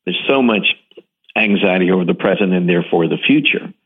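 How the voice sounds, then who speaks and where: A fairly low-voiced man talks eagerly about his work, pressing hard on key words and often circling back to restart his sentences. The sound is squeezed through a narrow, phone-like band, as if heard down a radio line. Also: animated, fairly quick, slightly rough. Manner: enthusiastic, emphatic, with frequent restarts. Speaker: interview guest, TV series host. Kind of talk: animated storytelling in an interview.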